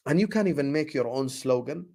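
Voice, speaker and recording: A man co-hosting a football fan livestream, reading super chats with slangy, animated banter. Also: a little high, brisk, creaky. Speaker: football show co-host.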